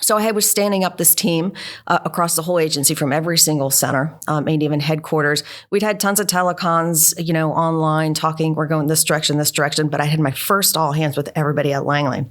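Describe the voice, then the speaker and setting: A middle-aged woman speaks in a low, grounded voice. She tells workplace stories as an interview guest, earnest and measured, often ending points with a quick "right?". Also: steady tone. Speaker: NASA engineering leader, interview guest. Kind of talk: conversational storytelling.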